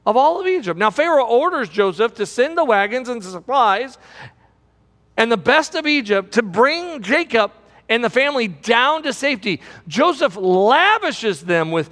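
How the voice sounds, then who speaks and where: A man's voice: very high-pitched, sing-song, measured pace, pushed and bright, long reverb tail. A man preaching a sermon as pastor in a large auditorium, building with emphasis and repeating his phrases.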